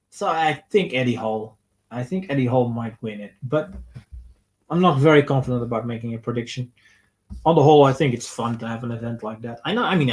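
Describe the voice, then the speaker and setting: Young man, middle pitch; blunt and opinionated livestream Q&A host. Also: darkish tone, rough recording. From Netherlands. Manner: blunt and opinionated, reads out questions then answers. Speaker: streamer answering viewer questions. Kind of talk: casual livestream Q&A.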